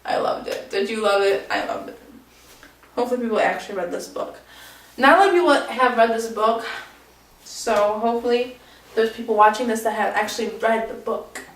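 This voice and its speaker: A young woman with a fairly high voice gushes about a book in a casual, excitable way, peppering her talk with "like". She sits a little back from the mic, and the room around her rings with echo. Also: brisk, distant mic. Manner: gushing, excitable, heavy use of "like". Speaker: book vlogger. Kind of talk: casual book review chat. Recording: roomy echo, a bit off-mic.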